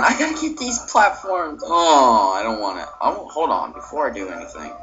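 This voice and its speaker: Excitable young man yelling at a game. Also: on the high side, moderate pace, few pauses. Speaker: gameplay video maker. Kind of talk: frustrated let's-play commentary. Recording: dull lo-fi mic with game music.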